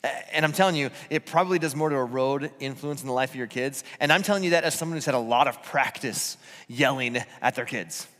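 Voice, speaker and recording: A man's voice: mid-range voice, fast talker, a bit bright. A man preaching a conversational sermon in a church, earnest and self-deprecating, often restarting his sentences. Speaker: pastor. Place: church auditorium. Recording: reverberant church hall.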